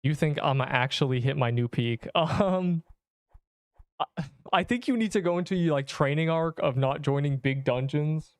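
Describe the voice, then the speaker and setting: A man's voice: a little high, normal speed, smooth, no room sound. A man in his twenties livestreaming a game, chatting casually and rambling as he reads chat messages aloud.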